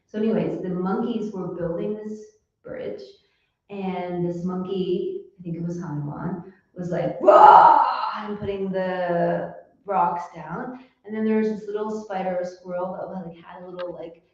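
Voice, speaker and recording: Chatty woman lecturer, low voice, distant and muffled, big echo. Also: fairly even intonation, normal speed, warm tone. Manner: chatty, lots of fillers, storytelling. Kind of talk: casual devotional lecture. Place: temple hall. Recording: echoey hall, distant mic, dull sound.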